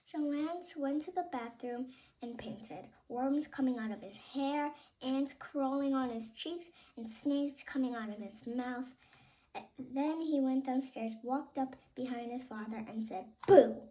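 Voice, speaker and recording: A woman reading a children's picture book aloud in an expressive, unhurried way. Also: high-pitched, poor audio. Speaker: reader. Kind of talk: children's storybook read-aloud.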